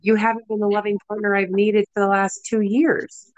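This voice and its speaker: A middle-aged woman telling a personal story in candid conversation, emotional and animated. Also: medium pitch, moderate pace, dry recording, muffled recording.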